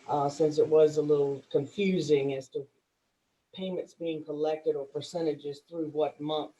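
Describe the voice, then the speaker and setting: Lady from the county office going over tax numbers, mellow voice, muffled meeting sound. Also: low voice. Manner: polite, matter-of-fact. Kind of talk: reporting at a public meeting. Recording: dull lo-fi meeting audio.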